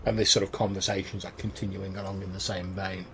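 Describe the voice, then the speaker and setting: A man narrating as game master over an online call in a casual, halting way. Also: deep voice, level tone, fairly bright tone, a little hiss or hum.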